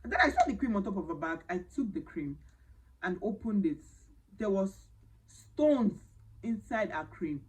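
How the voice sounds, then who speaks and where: A woman with a Nigerian accent telling a personal story to camera, animated and dramatic, slipping into Pidgin phrases. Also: medium pitch, moderate pace, low-quality recording. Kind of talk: casual storytime.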